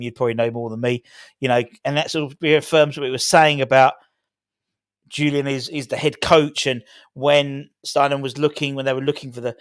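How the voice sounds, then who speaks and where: A man's voice: fairly high pitch, dry recording, studio quality. A middle-aged man hosting a football fan channel, talking casually and rambling with lots of fillers and restarts. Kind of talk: casual solo video chat.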